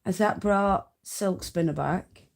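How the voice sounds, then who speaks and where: A woman from North Yorkshire, England, speaks slowly in a mid-range, gravelly, slightly mellow voice. With her Yorkshire accent, she hosts a casual live-stream tutorial, sharing homely spinning tips and laughing often.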